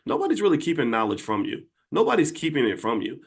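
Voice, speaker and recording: Very animated and fast, with hardly any pauses, a middle-aged finance educator talks directly to his channel's viewers in a casual, earnest way. His medium-pitched voice is husky, and he frequently repeats and restarts his phrases.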